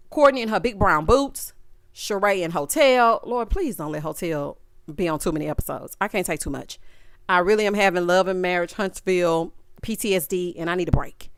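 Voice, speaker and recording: Sassy animated woman recapping reality TV. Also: mid-range voice, smooth, dry recording, clean studio sound. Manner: sassy, slangy, dramatic asides to viewers. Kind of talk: casual recap commentary.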